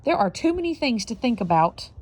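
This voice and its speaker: A woman's voice: fairly high pitch, a little fast. A woman reading a children's novel aloud, telling it with expression and the odd self-correction. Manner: expressive storytelling, slight slips and self-corrections. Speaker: reader.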